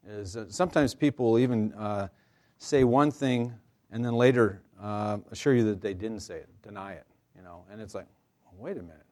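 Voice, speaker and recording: Low-voiced man leading a workshop. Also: moderate pace, darkish tone. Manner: conversational, many fillers and restarts, light humor. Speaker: counselor leading a staff workshop. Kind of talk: informal workshop presentation. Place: room with a live audience.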